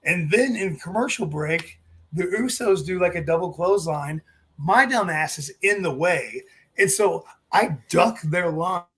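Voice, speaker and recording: Animated higher-voiced man telling stories. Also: unhurried, husky. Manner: animated, acts out quotes with swearing and laughs. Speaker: former wrestling referee, guest. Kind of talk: casual storytelling interview.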